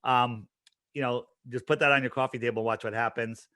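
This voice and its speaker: A man's voice: mid-range voice, steady tone, fairly quick, pushed and bright, smooth, dry recording, studio quality. A man speaking as an interview guest, talking casually and emphatically, with lots of restarts and fillers. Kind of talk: casual promotional talk.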